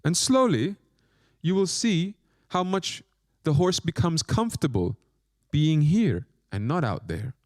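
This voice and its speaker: Monk guy giving a talk, pitch jumping all over, joking at himself, dry close sound. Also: very animated, a little slow, darkish tone, no echo. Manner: playful, self-mocking asides; repeats short phrases for emphasis. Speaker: monk teacher. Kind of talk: spiritual lecture.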